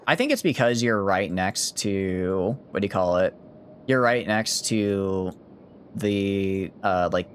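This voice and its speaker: A man's voice: fairly low pitch, slight background noise. A man with a mild Southern US accent gives casual gameplay commentary as a streamer, rambling and often correcting himself. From Southern United States. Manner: rambling, self-correcting, chatty. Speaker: game streamer.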